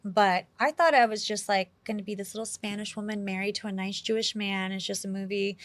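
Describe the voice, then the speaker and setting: Woman, actress guest, from New York City, chatty storyteller, medium pitch, dry close sound. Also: a little fast, no room sound. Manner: animated, chatty, full of "like" and acted-out quotes. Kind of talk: casual interview storytelling.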